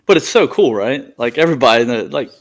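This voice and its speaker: A man's voice: mid-range voice, fast talker. Laughing man telling a story. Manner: animated, laughing, acts out quotes. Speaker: former pitcher telling a story. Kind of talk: casual storytelling among friends.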